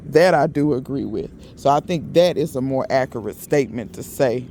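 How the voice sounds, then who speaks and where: A man's voice: medium pitch, animated, normal speed, warm tone, a little hiss or hum. A man chatting to viewers in a casual, folksy gardening vlog, recorded outdoors in his yard. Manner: chatty, folksy, talks straight to viewers as y'all. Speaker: gardening vlogger.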